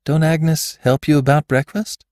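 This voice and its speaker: A man's voice: a little high, fairly even intonation, measured pace, a little mellow, dry recording, clean studio sound, pitched above the performer's own voice, close to an everyday voice. A man voicing an anxious gray-haired aunt. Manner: pleading, indignant questions.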